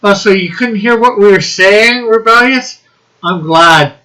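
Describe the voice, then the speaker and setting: A man hosting a relaxed livestream on a computer mic. His voice sits a little high and sounds bright, and he talks slowly, stopping to read the chat aloud and laugh. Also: poor audio. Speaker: livestream host.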